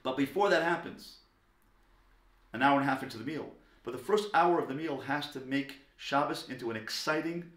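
A man giving a lecture on parenting, talking emphatically and swinging between loud stressed words and soft low asides. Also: moderate pace. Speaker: parenting teacher. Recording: echoey room.

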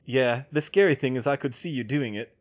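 A man doing a steady young curse breaker, a capable older-brother type. He speaks firmly and plainly, in a mid-range voice close to the reader's own, with a bit more push behind it. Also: mid-range voice, brisk, natural voice. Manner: calm, firm, matter-of-fact.

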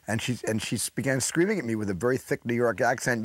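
A man, a film director, telling reflective stories in an interview and growing animated as he retells them. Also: on the low side, quick pace, hardly any pauses, no room sound. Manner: reflective anecdotal storyteller, animated when retelling. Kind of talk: interview storytelling.

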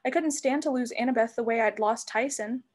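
Lady reading a chapter book out loud, expressive, kinda high voice. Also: a little fast. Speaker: reader. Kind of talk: reading a novel aloud.

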